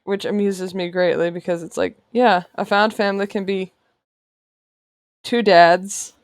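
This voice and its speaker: The clip has dry, clean studio sound as a woman artist streams her drawing and makes playful, sarcastic small talk, laughing often. Her mid-range voice is fairly even in intonation and a little slow.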